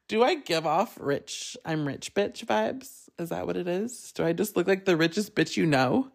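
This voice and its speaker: A podcast host telling a story in a casual solo chat, animated, laughing often and swearing freely. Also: mid-range voice, moderate pace, creaky, hardly any pauses.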